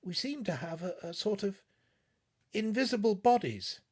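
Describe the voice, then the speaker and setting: A man's voice: high voice, big pitch swings, normal speed, pitched above the performer's own voice. Man doing a dazed, panicky young scientist. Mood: bewildered. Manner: bewildered, panicky, exclaiming. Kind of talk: audiobook reading.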